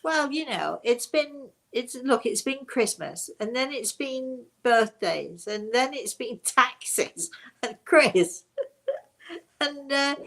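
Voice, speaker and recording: A woman's voice: high-pitched, expressive, slow, vocal fry, a bit bright. Older lady hosting a webinar chat, rambly and laughing a lot, lots of restarts. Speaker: host. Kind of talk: casual chat to a webinar audience.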